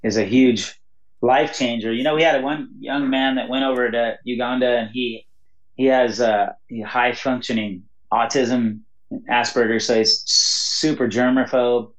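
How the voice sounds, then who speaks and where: An animated male pastor is a guest on an interview and tells his stories with energy. His pitch sits at a middle level, and he fills his talk with "you know" and easy laughter. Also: unhurried, low-quality recording. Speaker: pastor and mission leader, guest. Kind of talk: casual interview conversation.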